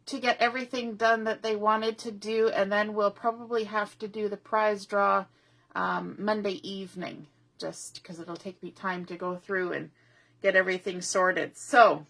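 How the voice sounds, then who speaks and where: A woman's voice: on the high side, a bit bright. A middle-aged woman hosting a live online craft demo, chatty and rambling, a little out of breath, greeting viewers by name and laughing often. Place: home craft room at a table.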